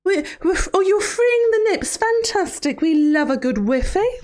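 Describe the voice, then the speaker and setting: A sugary, menacing villain therapist, as a woman streamer puts her on, purring threats at her audience between cheery greetings. The voice sits high and leaps up and down in sing-song swoops, words drawn out with mock sweetness. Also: sing-song, unhurried, a little mellow, exaggerated voice. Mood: playful teasing. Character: creepy, teasing female villain therapist hosting cruel trials. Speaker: streamer in character. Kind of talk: live-stream character role-play.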